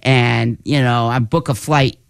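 A man, a comedian on a talk show, spins a personal story in a relaxed, chatty way. His voice sits in a middle register and is miked close and dry. He slips into other people's voices for quotes and laughs along. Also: mid-range voice, unhurried, vocal fry, clean tone, no echo. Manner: animated storyteller acting out quotes, laughs often. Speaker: guest comedian.

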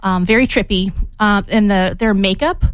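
A woman's voice: medium pitch, moderate pace, clean tone, no room sound. A woman, a mother, answering interview questions casually and hunting for her words. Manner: hesitant, searching for words. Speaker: guest, mother.

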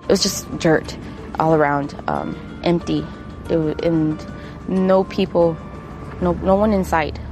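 A woman giving an interview about her own experience, speaking haltingly, repeating words and close to tears. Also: low-pitched, steady tone, over music. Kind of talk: emotional personal testimony.

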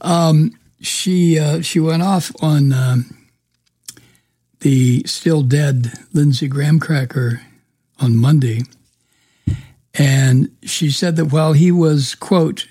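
A man hosting a political talk show, sardonic and rambling with many fillers, with a weak husky voice. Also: a little high, measured pace, warm tone, no room sound, clean studio sound. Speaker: radio talk show host. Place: home studio in the mountains.

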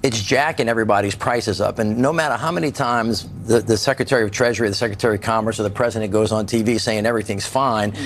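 A middle-aged man speaks as a guest commentator on a talk show. His voice sits on the low side, and his delivery is folksy and emphatic. He leans on homespun turns of phrase. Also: quick pace, few pauses, a little hiss or hum. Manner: folksy and emphatic, with plain-spoken sayings. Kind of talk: conversational political commentary.

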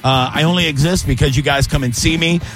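A man hosting a casual sports radio talk show, telling animated, jokey stories and acting out quotes. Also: on the high side, fast talker, music in the background. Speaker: radio host and comedian.

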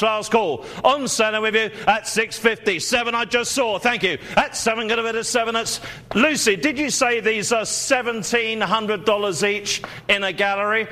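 Man, auctioneer, high voice, bright tone, rapid bid calling, many uhs.

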